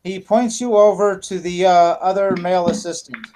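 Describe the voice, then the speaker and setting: A man narrating a tabletop game as dungeon master, halting, with many fillers and restarts. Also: high voice, steady tone, mellow, a little hiss or hum.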